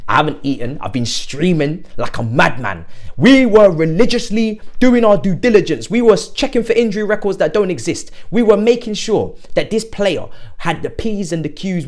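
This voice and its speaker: A young man, hosting a football fan channel, giddy and excitable, with sudden loud outbursts. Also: sits high. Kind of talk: excited fan reaction monologue.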